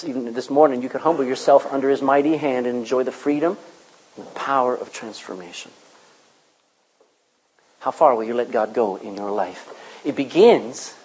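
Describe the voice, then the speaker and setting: A man preaching a sermon in church, with loud rises and quiet drops. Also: medium pitch, breathy edge, rough recording. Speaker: pastor.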